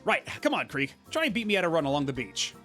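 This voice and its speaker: A man's voice: on the high side, big pitch swings, fast talker, bright, forceful tone, soft background music. A man voicing a sassy, cocky teen horse-girl rival from a game, brash and teasing. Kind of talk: reading game dialogue aloud.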